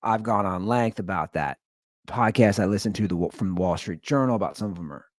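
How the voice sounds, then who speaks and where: A male podcast host talking casually and rambling through a story. His voice swings widely in pitch as he tells it, and the sound is close and dry with no room echo. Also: expressive, fairly quick. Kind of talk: casual monologue.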